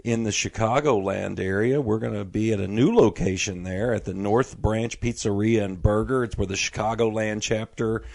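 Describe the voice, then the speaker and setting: A middle-aged man hosts a fishing show in a low voice, reading out event announcements in a rapid run before easing into casual chat. The sound is dry and close, with no room echo. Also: creaky, a little mellow. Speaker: podcast host.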